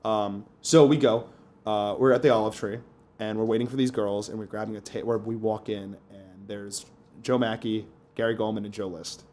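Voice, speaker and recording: A young man, a stand-up comic and podcast co-host, telling a story in casual chat, quoting voices as he goes. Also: fairly low pitch. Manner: fast, animated storytelling with quoted voices.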